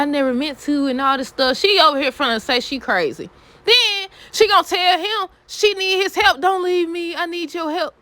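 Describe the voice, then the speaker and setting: Chatty woman recapping a soap. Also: a little high. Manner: chatty, animated, laughs often, quotes characters. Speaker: soap opera reviewer. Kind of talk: casual recap talk to viewers.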